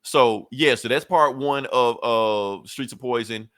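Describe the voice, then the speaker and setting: A man talks through a comic book plot for his podcast co-host, animated and loose, jumping into the characters' voices as he tells it. His voice sits in an ordinary middle range. The sound is close and dry, with no room around it. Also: mid-range voice, a little slow, no room sound. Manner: animated storytelling, acts out characters' lines; swears casually and laughs often. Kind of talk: casual comic recap chat.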